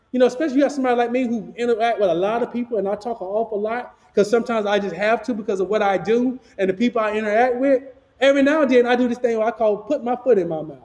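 A man preaching a sermon as pastor, projecting his voice loudly without a microphone and asking the congregation call-and-response questions, with clogged ears and sinus trouble. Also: sits high. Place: church sanctuary. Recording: echoey hall, no microphone.

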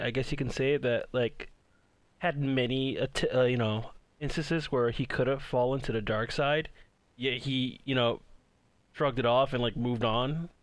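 Smooth-voiced man rambling in casual chat. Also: mid-range voice, a little slow, no echo. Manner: rambling, heavy use of "like" and "you know". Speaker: podcast co-host.

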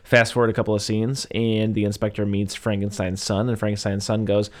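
A man's voice: on the low side, flat delivery, fairly quick, hardly any pauses. A man co-hosting a casual movie review podcast, rambling with plenty of fillers and side notes. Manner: rambling, full of fillers and asides. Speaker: podcast co-host.

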